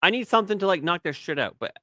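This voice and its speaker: Man, 30s, podcast co-host; loose, swearing, stop-start rambler, lively pitch. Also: rapid-fire, no echo. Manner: rambling, profane, restarts words often. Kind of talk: casual podcast banter.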